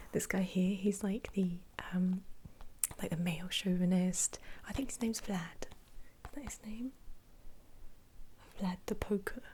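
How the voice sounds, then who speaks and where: A young woman, an ASMR creator, whispering casually about her favourite films, giggling often and pausing on ums. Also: medium pitch, a little mellow, slight background noise. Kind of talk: whispered ASMR film chat.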